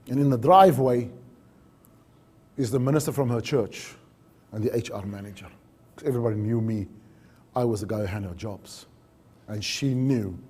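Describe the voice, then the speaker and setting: A man who worked as an HR manager at a mine, telling a story in a vivid way that swings between loud and hushed. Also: fairly high pitch, slightly rough. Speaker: former HR manager at a mine, safety speaker. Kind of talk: dramatic storytelling talk.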